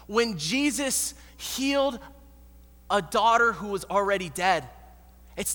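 A man preaching a sermon in an animated, slangy storytelling manner, recorded in an echoey hall. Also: high voice, slow pace, long pauses. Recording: echoey hall with long reverb.

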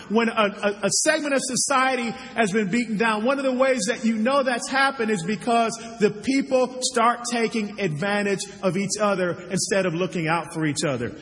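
A man's voice: high-pitched, a bit bright. A man preaching a sermon, reading scripture aloud and asking the congregation questions as he works through slides. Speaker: pastor. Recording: long hall reverb.

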